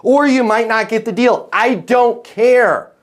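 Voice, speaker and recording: A man's voice: very high-pitched, fairly even intonation, normal speed, fairly bright tone. A man coaching salespeople on a live video call, emphatic and punchy, checking in with "right?" and "okay?" as he goes.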